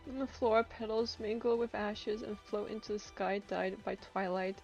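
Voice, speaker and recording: A woman's voice: mid-range voice, fairly even intonation, normal speed, a little mellow, lo-fi sound, faint music behind. A woman streaming a story game, reading its narration aloud and breaking into laughs and outbursts.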